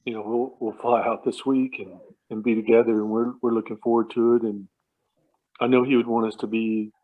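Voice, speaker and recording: A mid-pitched man with a level tone speaks briskly on a phone call, the audio thin and tinny, at home at night. As a relative sharing memories at a family remembrance, he tells casual anecdotes, rambling with frequent chuckles and many restarts.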